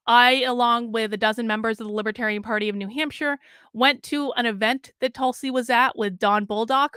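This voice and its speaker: A woman hosting a live stream, giving casual, opinionated political commentary in a fast, blunt manner. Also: fairly high pitch, a bit bright, clear, resonant tone, dry recording, studio quality.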